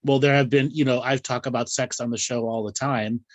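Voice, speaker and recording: A man's voice: mid-range voice, steady tone, fairly quick, no echo. A man hosting a casual live chat show, talking frankly and bawdily and laughing often. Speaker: host.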